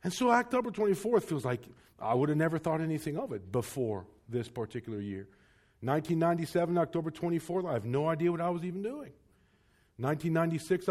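A man's voice: a little high, a little mellow. A man in his forties, a pastor telling an earnest personal story in a sermon with touches of self-deprecating humor.

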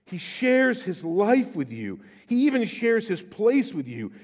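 A middle-aged male pastor preaching a sermon with passion, swinging from loud declarations to hushed, slow phrases. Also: sits high, sing-song. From Southern California.

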